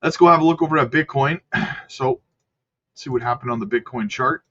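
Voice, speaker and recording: A man's voice: mid-range voice, moderate pace, bright, forceful tone, highs cut off. A man giving casual, chatty market commentary on crypto charts, upbeat and talking straight to his viewers. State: hiccups.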